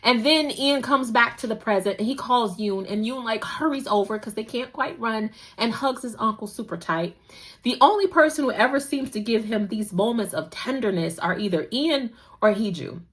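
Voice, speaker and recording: A young woman hosting a casual recap show, animated and gushing, laughing often as she retells scenes. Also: on the high side, moderate pace. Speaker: podcast host recapping a drama.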